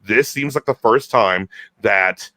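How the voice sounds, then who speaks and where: Man host, casual chat, enthusiastic, bright tone, dry close sound. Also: lowish voice, no room sound. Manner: animated, enthusiastic, quick restarts. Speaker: podcast host.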